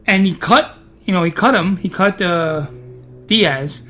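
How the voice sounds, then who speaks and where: A man in casual sports chat, animated and opinionated, joking as he argues his points. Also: high-pitched, measured pace. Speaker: podcast co-host.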